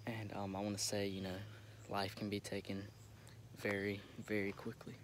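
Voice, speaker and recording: A young man recording himself on his phone, talking haltingly with many restarts as he holds back tears. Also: on the low side, completely flat delivery. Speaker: vlogger. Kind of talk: emotional direct-to-camera update. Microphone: phone camera. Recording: phone recording with noticeable background noise.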